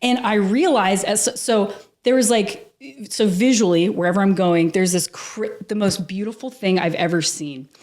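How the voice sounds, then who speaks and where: A woman with a mid-range voice, talking at normal speed, is a guest on a podcast interview. Her personal story comes out lively and casual, with frequent laughter and plenty of swearing.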